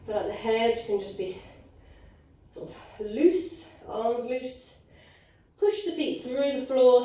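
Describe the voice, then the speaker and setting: A woman's voice: on the high side, warm tone. Breathless woman counting pilates reps. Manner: counts reps aloud, upbeat encouraging cues. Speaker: pilates instructor. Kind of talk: live online fitness class cueing. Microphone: video call. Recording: echoey room, distant from mic.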